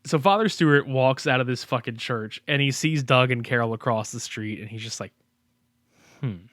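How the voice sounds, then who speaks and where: A man's voice: medium pitch, brisk, fairly bright tone, dry recording, studio quality. A man co-hosting a podcast, recapping a film in casual chat, cursing often, laughing and acting out the characters' lines. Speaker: podcast co-host. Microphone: desk microphone.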